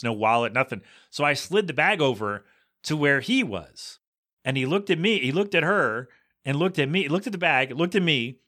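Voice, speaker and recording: A man on a podcast telling a rambling anecdote in a casual, animated way, acting out the people in it as he goes. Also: mid-range voice. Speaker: podcast co-host. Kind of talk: casual storytelling chat.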